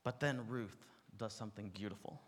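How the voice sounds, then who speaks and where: A man's voice: on the low side, moderate pace. A man preaching a sermon to an audience, teaching in a conversational way with asides and touches of humor. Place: large room with an audience. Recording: long reverb from a large hall.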